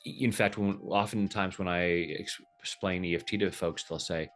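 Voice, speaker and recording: A man explaining a tapping technique in a relaxed, jokey way, slipping into quoted voices as he talks. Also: deep voice, moderate pace, soft background music. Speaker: tapping practitioner, guest. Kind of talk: casual teaching over video call.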